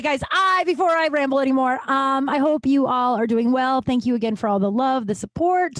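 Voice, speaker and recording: A woman in her thirties hosting a casual solo podcast from a small closet, rambling, swearing and bursting into excitement. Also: high-pitched, a little fast, no room sound, studio quality. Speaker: podcast host.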